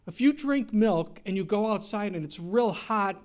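A middle-aged man preaching a sermon, telling stories in an animated way and jumping his voice up for quoted lines. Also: high-pitched, normal speed, hardly any pauses. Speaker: pastor.

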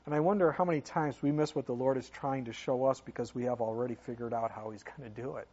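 A man's voice: medium pitch, very animated, fast talker, gravelly, hardly any pauses, warm tone, breathy edge, lo-fi sound. A man preaching a sermon as pastor, talking in an earnest, conversational way with many fillers.

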